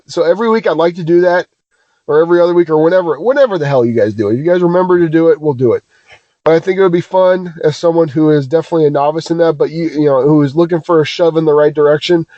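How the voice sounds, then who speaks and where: A man's voice: a little high, mellow, no echo. A man hosting a podcast in casual chat, rambling and repeating himself, with a bit of swearing. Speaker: podcast host. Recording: dull dry sound.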